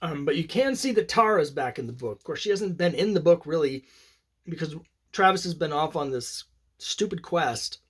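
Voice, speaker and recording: A man's voice: on the high side, expressive, normal speed, breathy edge. A man casually talking through his comic collection, rambling and opinionated, with many fillers and restarts. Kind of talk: casual solo commentary.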